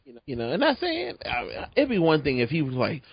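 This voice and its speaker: A man's voice: on the high side, wildly swooping pitch, brisk, vocal fry, slightly rough, no echo, lo-fi sound. A man co-hosting a podcast, joking and making vivid comparisons about a movie. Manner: jokey, uses vivid comparisons. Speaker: podcast co-host. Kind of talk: casual movie review chat.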